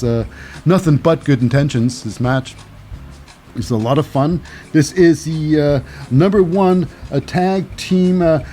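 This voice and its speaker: A man hosting a casual wrestling recap, rambling and halting with lots of fillers, wry and cynical. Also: medium pitch, warm tone. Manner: rambling, halting, full of uh and what's that. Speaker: host.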